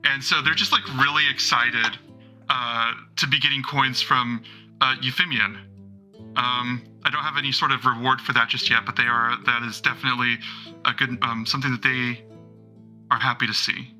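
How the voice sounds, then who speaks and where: A man's voice: mid-range voice, steady tone, moderate pace, sharp tone, faint music behind, rough recording. A man narrating a tabletop game as game master, rambling with lots of fillers. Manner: rambling, many fillers and restarts.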